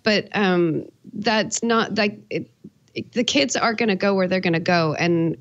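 A woman's voice: fairly low pitch, lo-fi sound. A woman panelist in a casual tech chat, thinking aloud with many fillers. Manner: measured, thoughtful, many fillers.

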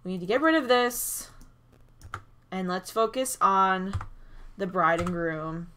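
A woman giving chatty, excitable commentary over a life-sim game, recorded on a desk mic at her computer. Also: medium pitch, slow pace, clean tone. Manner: chatty and excitable, frequent "oh my gosh" and small gasps. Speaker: gaming YouTuber. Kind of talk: casual gameplay commentary.

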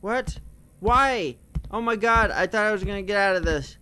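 A man commenting while he plays a horror game, swearing a lot and yelling when scared. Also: sits high, normal speed, a little hiss or hum. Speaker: YouTube gamer. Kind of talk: let's play commentary.

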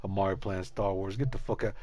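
A man's voice: deep voice, steady tone, quick pace, dark tone, dry recording. A man chatting casually and profanely to viewers while streaming a game, rambling and joking. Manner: loose and profane, rambling, jokey. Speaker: gaming streamer. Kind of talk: casual live-stream chat.

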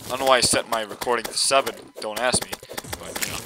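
Excitable young man narrating gameplay. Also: medium pitch, quick pace, noisy background. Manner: excitable, laughing, talks to enemies. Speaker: gameplay video host. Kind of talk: casual let's-play commentary. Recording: game music behind voice. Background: game music.

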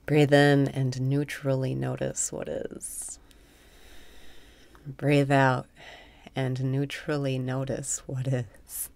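Slow, low, gravelly woman guiding meditation. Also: no room sound. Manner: slow, breathy guidance mixing calm cues with frank, profane venting. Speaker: meditation guide. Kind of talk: guided meditation with spoken affirmations.

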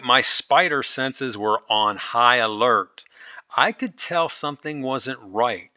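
A man's voice: medium pitch, bright, forceful tone, no room sound. A man reading a listener's story aloud and breaking in with his own asides. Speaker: story reader and commentator.

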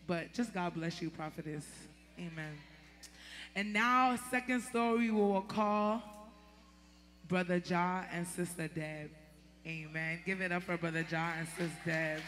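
A woman giving a lively, laughing testimony before a church congregation. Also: lowish voice, normal speed, faint music behind. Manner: animated, laughing storyteller, turns emotional. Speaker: church member giving a tribute.

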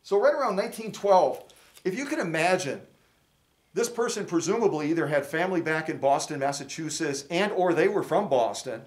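A man's voice: on the high side, lively intonation, a little fast. A middle-aged man hosting a fundraiser livestream, chatty and folksy, rambling through trivia in a casual way. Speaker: fundraiser host.

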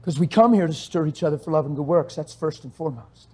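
A male pastor preaching a sermon with fiery intensity, swinging from quiet talk to shouting. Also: on the high side, fast talker, husky.

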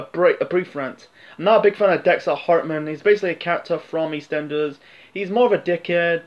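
Man, casual film review, hesitant, fillers and restarts, fairly high voice, muffled lo-fi recording.

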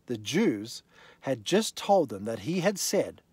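A man giving an animated, conversational Bible lesson, firing rhetorical questions straight at the listener. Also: mid-range voice, slow, breathy edge, no echo. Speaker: Bible teacher.

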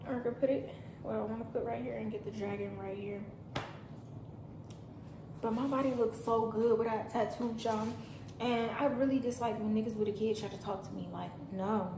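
Cooking at home, a young woman from Germany speaks plainly to her viewers in a laid-back vlog. She has a medium-pitched voice, and the kitchen echoes with some noise in the background.

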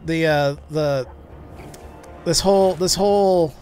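A man's voice: fairly high pitch, slow pace, darkish tone, smooth, soft background music. A man streaming a game, telling a long story in a rambling way with many restarts. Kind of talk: casual gameplay commentary.

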